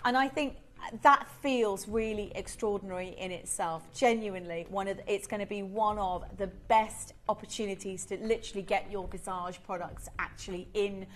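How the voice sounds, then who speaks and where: A woman's voice: medium pitch, fairly even intonation, normal speed. A woman presenting a live TV shopping show, chatty and effusive as she sells to viewers from the studio. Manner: effusive, chatty, enthusiastic selling.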